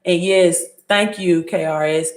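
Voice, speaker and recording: A woman's voice: fairly low pitch, fairly even intonation, unhurried. Chatty Mississippi woman livestreaming in an echoey room. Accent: Mississippi Southern. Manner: chatty, thinks aloud, reads out comments. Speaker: credit advice host. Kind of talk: casual livestream chat answering viewer comments.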